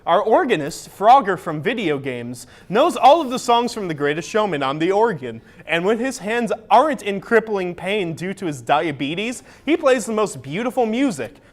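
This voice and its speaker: A young man presents a comic segment in a theatrical, mock-grandiose way. His voice sits high and leaps around with lively melody. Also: normal speed, few pauses. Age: young adult. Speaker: student show presenter. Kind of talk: comic scripted monologue.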